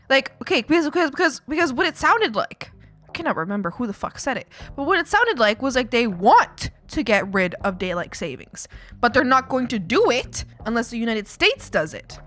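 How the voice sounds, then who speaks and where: A woman's voice: sits high, sing-song, a little fast, a bit bright. A young woman from Canada chatting casually on a live stream, rambling, laughing often and swearing freely. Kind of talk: casual chat. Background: faint background music.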